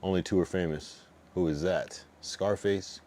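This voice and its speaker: Deep-voiced streamer man chatting casually. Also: fairly even intonation, a little slow, darkish tone. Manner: rambling, swears, talks back to chat. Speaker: livestreamer.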